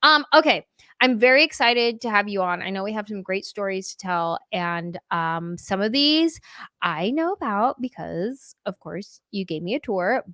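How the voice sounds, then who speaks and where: A woman hosting a casual chat show, talking in a chatty, playful way with quick asides. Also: mid-range voice, animated, pushed and bright, no room sound, studio quality. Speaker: host.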